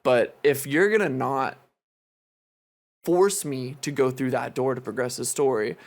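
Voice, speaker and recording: He's a man in his twenties co-hosting a podcast, talking in a loose and rambling way. He swears freely and sits at a middle pitch. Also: measured pace. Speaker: podcast co-host. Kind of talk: casual chat.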